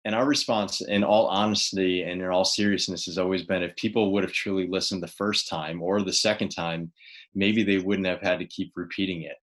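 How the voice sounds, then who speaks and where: A man with a very deep voice co-hosts an interview podcast. He explains his thinking in a measured, sincere way, building each point step by step. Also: fairly even intonation, a bit bright. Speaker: podcast co-host. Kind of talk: conversational interview.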